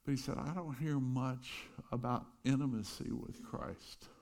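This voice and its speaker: A middle-aged pastor telling a lively story in his sermon, with chuckling asides. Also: medium pitch, unhurried, gravelly.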